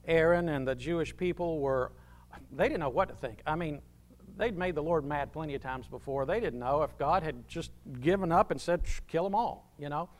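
Man, pastor, sermon, voice a bit high, loud then hushed. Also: moderate pace. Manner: animated preaching, swings from loud proclamations to hushed asides.

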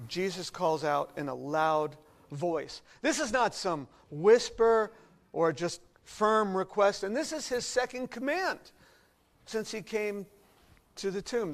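A man preaching a sermon, earnest and expressive, dropping to quiet reflection and rising to loud emphasis. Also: high-pitched, a little slow, rough recording.

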